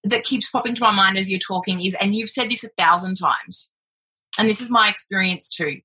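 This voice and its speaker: Earnest, husky woman talking candidly. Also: medium pitch, brisk, sharp tone. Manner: candid, earnest, swears casually. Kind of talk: casual chat.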